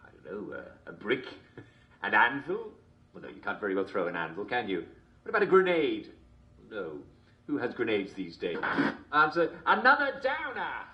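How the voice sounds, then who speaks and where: A man's voice: fairly low pitch, sing-song, normal speed, dull audio. A man playing a jovial, constantly chuckling TV host, mock-cheerful and smarmy. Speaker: show host. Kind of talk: comedic character monologue.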